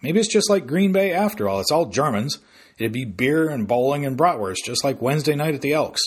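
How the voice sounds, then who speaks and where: A man voicing a quick-witted teenage sister who teases her brother. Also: medium pitch, expressive, husky, voice pushed up. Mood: mocking. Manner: wry, teasing.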